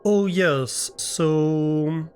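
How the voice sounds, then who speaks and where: A man's voice: fairly high pitch, drawn-out words, darkish tone, clear, resonant tone, soft background music. A man live-streaming a game from his room, chatting casually with viewers and thinking aloud as he plays. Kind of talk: casual chat while playing a game. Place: his own room at home.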